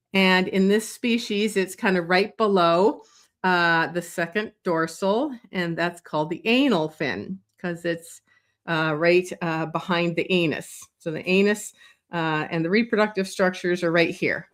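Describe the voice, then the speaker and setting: A woman leading a live drawing lesson, talking slowly and thinking aloud as she sketches, with many pauses and fillers. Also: fairly low pitch. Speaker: drawing instructor. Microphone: streaming setup.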